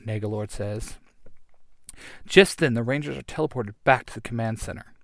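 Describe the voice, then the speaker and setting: A man narrating an action adventure story in a lively, animated reading. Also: mid-range voice, normal speed, gravelly, pauses often, no echo, clean studio sound.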